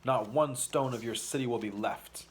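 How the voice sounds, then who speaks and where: A man's voice: mid-range voice, moderate pace, close to an everyday voice. A proud witch queen from a storybook, her voice ringing out as she gloats over her threats, as a man reads her. She sounds like a cruel ruler of terrible strength who speaks to command, and she is heard from a little way off. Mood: gloating.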